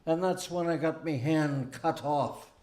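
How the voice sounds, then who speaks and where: A man's voice: on the high side, unhurried, a little mellow, reverberant, lightly acted. A man putting on the voice of a boastful old male pirate who talks in a rustic sailor dialect. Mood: gruff.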